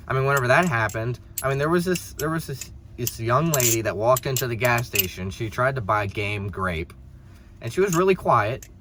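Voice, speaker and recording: Young man, rambling car vlog storyteller, mid pitch, noisy background. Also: lively intonation, moderate pace. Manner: rambling, many restarts and fillers, exasperated. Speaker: vlogger telling a story.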